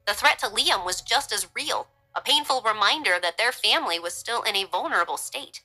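Bright female storyteller, even and clear, over soft music. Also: on the high side, a little fast, rough recording. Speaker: narrator. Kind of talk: scripted story narration.

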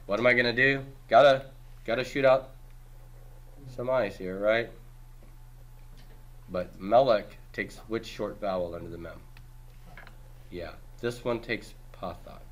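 A man teaching a class, reviewing homework by asking brisk questions and cracking dry jokes. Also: fairly low pitch, fairly bright tone. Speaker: Hebrew teacher.

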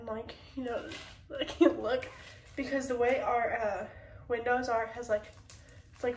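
A woman vlogger talks casually in her kitchen, her nose stuffed up from a cold. She rambles along with sighs and small laughs. Her voice is a little high, and it comes from a bit away from the mic in an echoey room. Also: recorded from a distance, slight background noise. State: congested nose. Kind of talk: casual vlog chat. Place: kitchen at home.

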